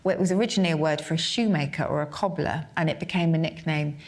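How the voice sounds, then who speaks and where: Low-voiced English woman explaining word origins. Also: fast talker. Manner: fluent, explanatory. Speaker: podcast co-host, word expert.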